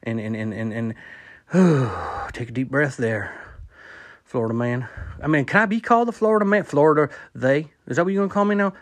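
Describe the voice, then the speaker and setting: A man's voice: mid-range voice, brisk. A man rambling through a comic voice message to a podcast host, stammering, repeating himself and contradicting his own jokes. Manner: absurd self-contradicting asides. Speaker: listener sending a voice message to a podcast. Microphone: phone voice recorder.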